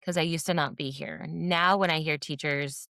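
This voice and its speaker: Low-pitched woman coach on a podcast, candid and animated, dry close mic. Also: normal speed, no room sound. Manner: candid, animated, acts out teacher dialogue. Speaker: behavior coach and former dean of students. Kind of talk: podcast interview.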